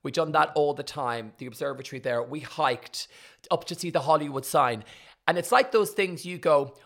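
An Irish woman hosting a casual chat, telling animated stories and acting out the exchanges she quotes. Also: low-pitched, moderate pace.

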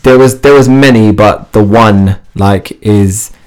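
Man, lowish voice, animated, laughs easily, restarts sentences, interview guest. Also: slow, clean tone. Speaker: fitness TV presenter, interview guest. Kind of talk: casual interview chat.

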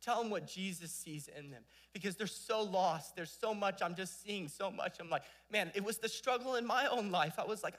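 High-voiced passionate young preacher man. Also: lively intonation, normal speed. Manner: passionate, swings between loud exhortation and hushed storytelling. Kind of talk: sermon.

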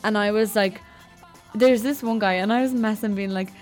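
A woman's voice: medium pitch, normal speed, faint music behind. A young woman in her twenties, co-hosting a college radio show with teasing, laughing banter. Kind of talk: casual chat.

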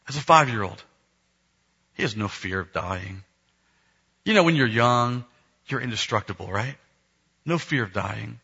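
Sermon, man, earnest storyteller, voices family dialogue, husky, muffled recording. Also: medium pitch, bright, forceful tone. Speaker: pastor.

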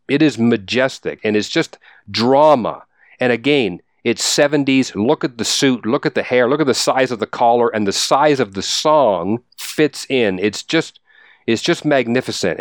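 A middle-aged man giving enthusiastic commentary on music, talking fast with restarts and emphatic repetition. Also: medium pitch, no room sound, studio quality.

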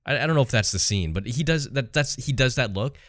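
Male podcast co-host, lively pitch, dry close sound, mocking movie banter. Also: fast talker, dry recording. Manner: animated, mocking, swears casually. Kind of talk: casual movie chat.

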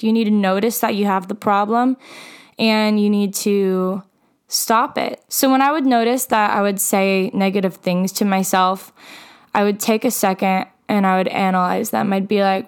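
Young woman, smooth clear voice, candid, heartfelt, lots of "like" fillers. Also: mid-range voice, steady tone, normal speed. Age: young adult. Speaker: mental health vlogger. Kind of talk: earnest personal talk to camera.

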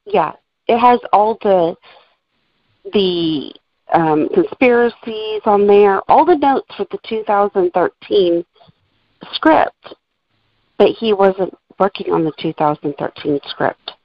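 A woman's voice: medium pitch, expressive, takes it slowly, no room sound. A woman co-hosting a podcast in casual chat, methodically walking through her notes and transcripts. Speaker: podcast co-host. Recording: dull lo-fi recording.

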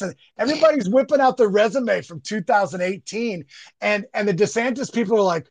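A mocking, profane man co-hosting a casual podcast chat. His voice is high for a man, with a gravelly, husky edge, and he keeps slipping into mimicry of the people he mocks. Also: a little fast, dry recording. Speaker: podcast co-host.

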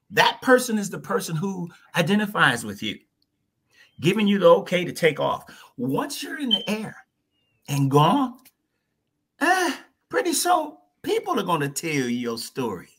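A man guesting on a podcast, telling his story in a lively, folksy way and slipping into little voices. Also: high-pitched, a little slow, breathy edge. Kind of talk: animated storytelling in conversation.

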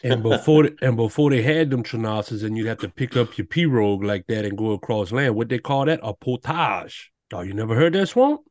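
A man's voice: mid-range voice, lively intonation, brisk, hardly any pauses, darkish tone, no room sound, studio quality. A man with a Cajun accent, co-hosting a casual podcast chat in a laid-back, joking, drawling way. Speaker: podcast co-host.

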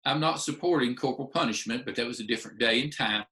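Man in his fifties, animated storyteller, bright forceful voice, echoey room. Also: medium pitch, quick pace. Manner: animated storyteller, acts out dialogue, restarts often. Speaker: speaker telling a story from his teaching career. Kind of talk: storytelling talk to an audience.

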